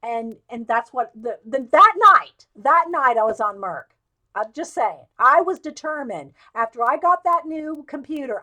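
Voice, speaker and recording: High-voiced woman telling rambling stories. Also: bright, forceful tone. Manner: rambling, digressive storytelling with frequent laughs. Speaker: live stream host. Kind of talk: casual live chat.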